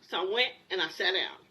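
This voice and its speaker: A woman in her sixties, a talk show guest, telling a personal story in a lively, candid way. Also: medium pitch, normal speed, poor audio.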